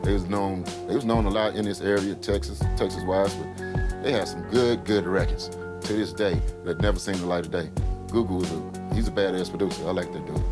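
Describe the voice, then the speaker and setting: A man in a documentary interview, relaxed and appreciative. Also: low-pitched, a little fast, music in the background.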